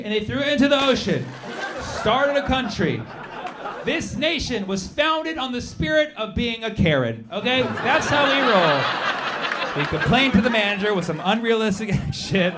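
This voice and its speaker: A man's voice: very high-pitched, animated, normal speed. A man doing a stand-up set, brash and mock-outraged, working the crowd. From United States. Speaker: stand-up comedian. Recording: loud background noise.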